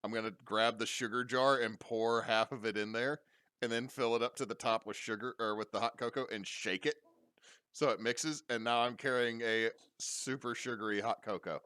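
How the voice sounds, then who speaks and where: Animated male player, bright crisp voice, swears a lot. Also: mid-range voice, normal speed, dry recording, clean studio sound. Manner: animated, swearing, loud outbursts. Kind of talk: casual tabletop play.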